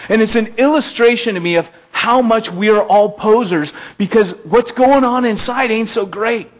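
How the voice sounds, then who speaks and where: A fairly high-pitched man preaching a sermon to his congregation in a relaxed, conversational way. His delivery climbs to emphatic peaks, then sinks low and quiet. The recording is dull and lo-fi, as if from a basic room setup. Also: moderate pace. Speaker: pastor. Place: elementary school meeting hall.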